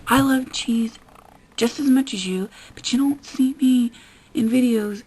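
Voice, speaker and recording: A woman's voice: on the high side, normal speed, dark tone, husky, rough recording. A woman vlogger ranting bluntly with lots of swearing, sounding fed up. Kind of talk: ranting commentary vlog.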